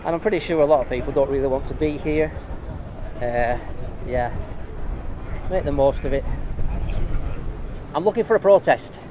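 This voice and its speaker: A man's voice: a little high, normal speed, pauses often. A man vlogging a protest on a handheld camera, chatting and joking with passers-by in the street. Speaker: street video blogger filming a protest. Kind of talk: casual chat to camera and to passers-by. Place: busy city street outdoors. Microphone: handheld camera mic. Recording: noisy outdoor crowd recording. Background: crowd and traffic.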